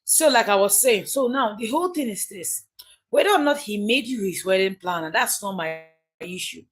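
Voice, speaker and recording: A Nigerian woman talks straight to her viewers on a live stream in a casual, chatty way. She presses her points hard and circles back to the same phrases, with a voice of middling pitch. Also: lively intonation, normal speed, breathy edge. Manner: chatty, emphatic, repeats key phrases. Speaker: livestream host. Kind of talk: casual livestream commentary.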